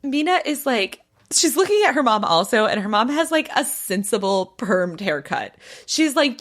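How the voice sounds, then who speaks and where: Lively high-voiced woman podcast host. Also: moderate pace, few pauses. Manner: animated, acts out quoted people with bright voice jumps. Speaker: podcast host telling a gossip story. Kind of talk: casual storytelling chat.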